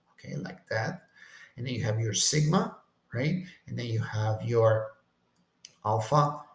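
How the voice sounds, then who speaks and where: Man teaching Greek in a roomy echo. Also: medium pitch. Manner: checks in with "okay?" after almost every point. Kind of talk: Bible language lecture.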